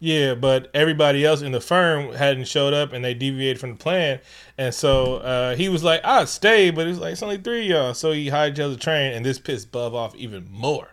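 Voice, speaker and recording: A man with a mid-range voice talking through a film recap with a friend. He talks in animated, profane bursts and jumps into the characters' lines. His pitch and loudness swing a lot from line to line. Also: moderate pace, clear, resonant tone. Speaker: podcast co-host. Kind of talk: casual movie recap chat.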